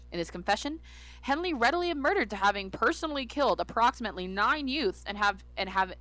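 Brisk young woman reading case notes. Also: medium pitch, fairly bright tone. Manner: brisk, reads notes then chats frankly. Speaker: podcast co-host.

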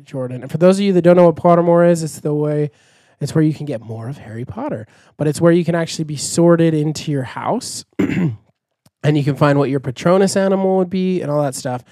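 A young man hosting a casual podcast, rambling cheerfully and laughing between thoughts. His voice sits a little higher than most men's but sounds soft and mellow. The sound is dry, close to the mic. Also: fairly quick, no room sound. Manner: chatty, rambling, giggly. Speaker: podcast host. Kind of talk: casual chat.

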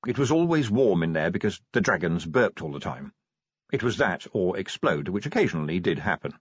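A man's voice: deep voice, sing-song, fairly quick, husky, dry recording. A man narrating an audiobook in a wry, dramatic storytelling manner. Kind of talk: scripted narration. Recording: slightly dull dry studio recording.

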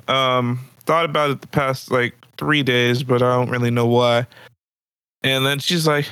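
A man's voice: mid-range voice, a little slow, clear, resonant tone, no echo. Laughing man telling a crude story. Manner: laughing often, crude slang, animated retelling. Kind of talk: casual chat, storytelling. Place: apartment room.

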